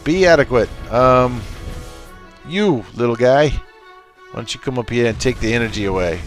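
Over faint game music and artillery, a man with a mid-range voice speaks at a moderate pace. He's a gameplay commentator casually playing a strategy game, and he goofily talks to his units, giving them orders and joking with them.

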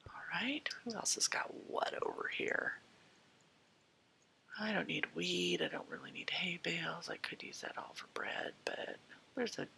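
Chatty woman with a gravelly, whispery voice. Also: fairly low pitch, bright, forceful tone. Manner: chatty, talks to game characters, drifts in and out of whispers. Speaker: gameplay host. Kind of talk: casual let's-play commentary.

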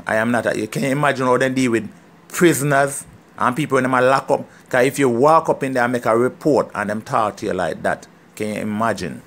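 A man's voice: mid-range voice, a bit bright, a little hiss or hum. A middle-aged Jamaican man speaks straight to his viewers in a heated, emphatic rant. His Jamaican accent is strong, and he keeps driving each point home by asking if he is understood. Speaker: farmer. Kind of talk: casual vlog rant.

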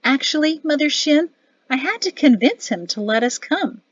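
A woman's voice: expressive, moderate pace, no room sound, muffled recording. A woman voicing a flustered, anxious young wife in an audiobook, pleading in a raised voice. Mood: light. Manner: high, pleading and fretful.

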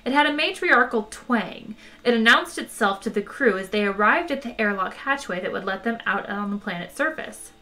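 A woman's voice: on the high side, normal speed, hardly any pauses. A woman with a tired voice reading a novel aloud and chatting casually with her listeners. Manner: chatty, relaxed sign-off. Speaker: audiobook reader.

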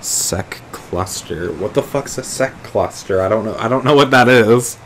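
A man's voice: medium pitch, a little fast, a bit bright, a little hiss or hum. A young man giving rambling, profane, joking commentary while playing a video game. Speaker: gaming video host. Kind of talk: casual gameplay commentary. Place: indoors at home, late at night.

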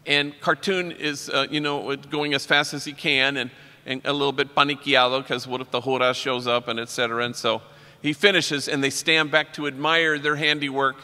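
A middle-aged man, a priest, telling wry stories in a religious talk and slowing down for his punchlines. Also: mid-range voice, level tone, pushed and bright. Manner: wry, anecdotal, slows down for punchlines. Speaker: priest giving a keynote talk. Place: large convention hall. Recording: long reverb of a large hall.

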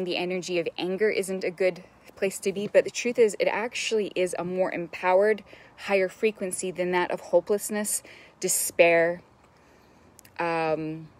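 Lowish-voiced woman doing a live coaching stream, excited and chatty, says hi to viewers. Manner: enthusiastic, chatty, greets viewers, some swearing. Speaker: business mentor.

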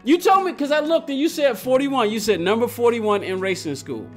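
A man's voice: extremely high pitch, expressive, brisk, faint music behind. A man streaming a racing game live, telling a rambling story with many restarts and answering his chat as he goes. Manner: reads and answers chat aloud. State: agitated while recounting.

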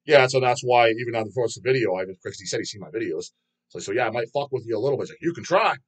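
A man's voice: medium pitch, lively intonation, racing, husky. A man hosting his own channel, reading viewer comments aloud and answering them in a rambling, profane way, laughing often. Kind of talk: casual chat.

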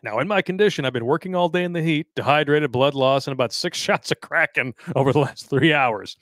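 This podcast host has a fairly high, slightly bright voice and a brisk pace as he reads out a listener's story during a casual live stream. He keeps it crude and jokey, laughing often, and the audio has no echo.

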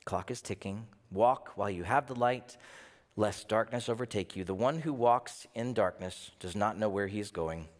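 A man preaching a sermon as pastor, animated, firing off rhetorical questions with a lift in his voice. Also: fairly low pitch, normal speed, long reverb tail. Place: church.

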